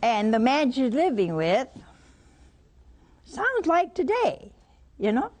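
Woman preacher, sermon, higher voice with a lot of swing, unhurried, keeps asking the congregation questions. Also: big pitch swings, darkish tone. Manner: storytelling with rhetorical questions to listeners.

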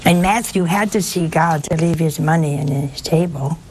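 A woman's voice: deep voice, normal speed, noisy background. A woman preaching a sermon in a folksy way, full of rhetorical questions and exclamations.

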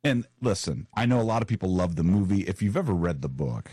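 Husky low-voiced man co-host. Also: very animated, fast, dark tone, dry recording, clean studio sound. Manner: easygoing, joking, repeats words. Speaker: podcast co-host. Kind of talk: casual chat.

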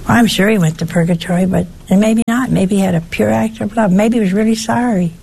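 A woman giving a conversational sermon in a folksy way, asking her listeners rhetorical questions and jumping up in pitch for emphasis. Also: a little fast, vocal fry, darkish tone, slight background noise. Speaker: preacher.

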